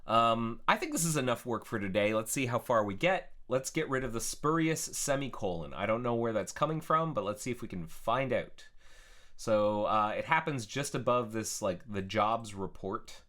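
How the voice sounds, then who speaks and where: A man chatting casually as he codes on a live stream, thinking aloud in a relaxed way. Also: medium pitch, normal speed. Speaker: software developer streaming his work. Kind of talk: casual live-coding narration.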